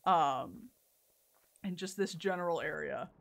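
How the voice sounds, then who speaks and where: A woman's voice: low voice, measured pace, vocal fry. A young woman from the American South chatting casually with her stream chat while playing a game, laughing often and swearing freely. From Southern United States.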